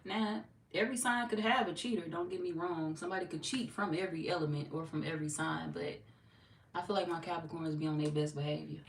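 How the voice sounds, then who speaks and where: A relaxed, chatty woman with a fairly low voice, talking loosely like she's hanging out with viewers. The sound is roomy and echoey, and she is set back from the mic with steady noise underneath. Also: quick pace. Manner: laid-back, chatty, reads out viewer comments. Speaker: tarot reader. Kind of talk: casual live-stream chat. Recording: echoey room, mic far off, noisy.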